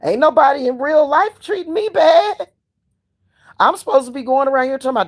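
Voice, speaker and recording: An older woman, ranting in a profane, animated, emphatic monologue as a spiritual practitioner. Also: sits high, fairly quick.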